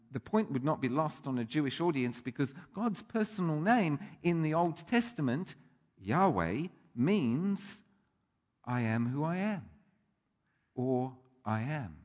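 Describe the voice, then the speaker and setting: A man delivers a sermon in a somewhat high voice, thoughtful and emphatic, leaning into key words. His voice carries a long reverb, as if in a large church hall. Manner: thoughtful, emphatic, with restarts and rising stress. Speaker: preacher.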